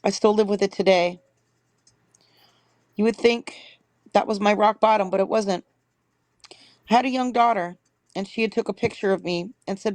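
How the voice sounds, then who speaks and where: A woman's voice: mid-range voice, steady tone, moderate pace, long pauses, a little mellow, dry recording. A woman hosting a livestream, reading viewers' written stories aloud and stopping now and then to correct herself. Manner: reads steadily, stops to correct herself.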